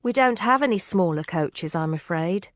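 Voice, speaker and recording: Female actor as a brisk booking clerk, businesslike, dry close sound. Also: fairly low pitch, expressive, no room sound, lightly acted. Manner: businesslike, helpful. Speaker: coach company booking clerk. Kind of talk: scripted exam dialogue. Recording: dry studio recording.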